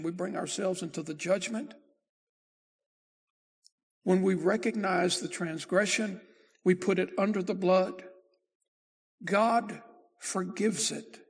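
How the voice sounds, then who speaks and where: A male pastor delivers a sermon at an unhurried, deliberate pace. His voice is pitched high for a man, with a gravelly, husky grain, and he lets his volume rise for emphasis before dropping low and quiet. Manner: slow deliberate preaching, swells and drops in volume.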